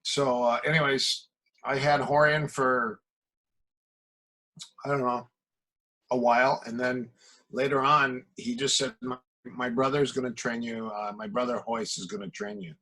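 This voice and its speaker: As a podcast guest, a Midwestern martial arts coach in middle age shares casual stories and acts out the exchanges he quotes. His mid-range voice is expressive, bright and forceful with vocal fry, unhurried and full of pauses, though the audio quality is poor.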